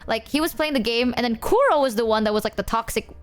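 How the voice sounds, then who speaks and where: Over faint background music, a young adult woman streaming as a VTuber talks at a quick pace in a fairly high, animated voice. She rambles casually about games, slinging slang and swearing.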